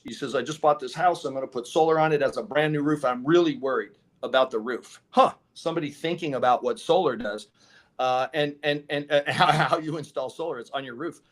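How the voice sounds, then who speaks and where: A man, a solar company co-owner, telling stories in a casual interview, acting out other people's lines and laughing as he goes. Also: fairly high pitch. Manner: animated, acts out dialogue with laughs.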